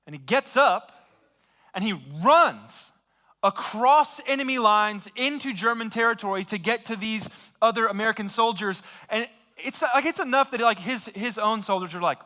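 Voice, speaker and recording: A man's voice: sits high, expressive, normal speed, pushed and bright. A man preaching a sermon as a pastor, retelling a story casually and with lots of fillers. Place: church sanctuary. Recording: long reverb of a large hall.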